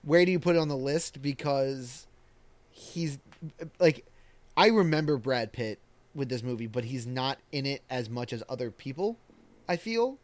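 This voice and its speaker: A man's voice: medium pitch, expressive, normal speed, no room sound. A man co-hosting a casual movie podcast, hesitant and searching for words, with mild swearing. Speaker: podcast co-host.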